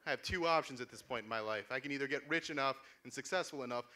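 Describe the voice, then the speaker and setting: A man in his thirties doing a stand-up comedy set on a small club stage, sardonic and deadpan with sudden shouted outbursts. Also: medium pitch, fast, a little hiss or hum. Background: small audience laughing.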